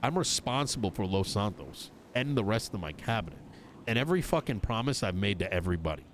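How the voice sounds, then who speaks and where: A man's voice: lowish voice, big pitch swings, fast talker, slight background noise. A man in character during an online roleplay, exasperated and swearing as he retells an argument with quoted dialogue. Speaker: roleplayer voicing a politician character.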